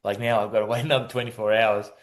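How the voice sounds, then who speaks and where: A man's voice: on the low side, level tone, racing. Man telling a story casually. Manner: rambling, many restarts and acted-out quotes. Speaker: guest, adaptive surfer.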